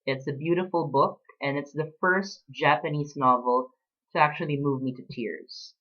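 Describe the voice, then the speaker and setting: A man's voice: a little high, fairly even intonation, lo-fi sound. Reflective man in his late twenties. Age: late 20s. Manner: reflective, talks about books with pauses and fillers. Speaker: vlogger. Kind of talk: casual personal vlog.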